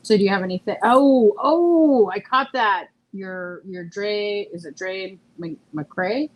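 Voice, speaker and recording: A woman's voice: medium pitch, a little slow, fairly bright tone. A woman chatting as a guest on a gossip livestream, exclaiming and laughing in disbelief. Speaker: panel guest. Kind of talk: casual gossip chat.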